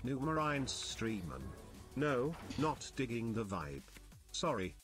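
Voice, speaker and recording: A man's text-to-speech voice reading viewers' chat messages aloud, with a flat synthetic delivery and odd stresses. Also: medium pitch, slow. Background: loud music.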